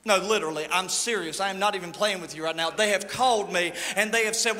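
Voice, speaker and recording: A male lead pastor preaching a Pentecostal sermon, folksy and joking, building to shouts. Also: sits high, quick pace, hardly any pauses. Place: large church sanctuary. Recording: long church hall reverb.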